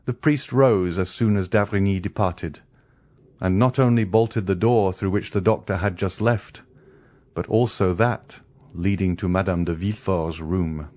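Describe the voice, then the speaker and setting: A man narrating a classic novel audiobook in a measured, even reading. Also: sits low, dry recording. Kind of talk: scripted narration.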